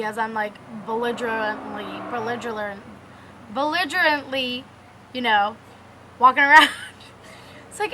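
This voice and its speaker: A young woman tells a personal story straight to her viewers in a loose, animated way. Her voice sits high and sounds bright and forward, and she fills her talk with "like" and "you know". She laughs often as she goes. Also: normal speed, long pauses, slight background noise. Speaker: vlogger. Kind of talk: casual storytelling to camera.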